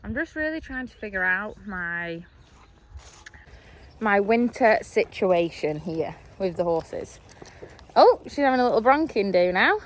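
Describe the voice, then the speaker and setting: A woman's voice: mid-range voice, very animated, measured pace, slight background noise. Young woman vlogging in a field, chatty, laughs a lot, talks to her animals. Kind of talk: casual vlog chat. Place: outdoors in a big field with horses and dogs.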